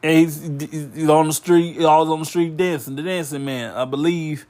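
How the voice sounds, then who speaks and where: Young male co-host, slightly high voice, stammering casual storyteller. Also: fairly quick. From Louisiana. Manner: stammering restarts, relaxed, many listening noises.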